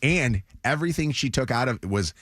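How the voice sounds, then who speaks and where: A middle-aged man hosting a morning radio show, telling a story in an animated, chatty way. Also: mid-range voice, brisk, no room sound, clean studio sound. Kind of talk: casual morning radio chat. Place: radio studio.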